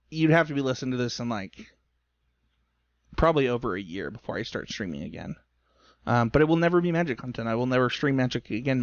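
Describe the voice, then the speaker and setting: A man's voice: mid-range voice, dry recording, muffled recording. A man co-hosting a podcast in casual chat, rambling and self-deprecating, talking openly about his feelings. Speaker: podcast co-host. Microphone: remote call recording.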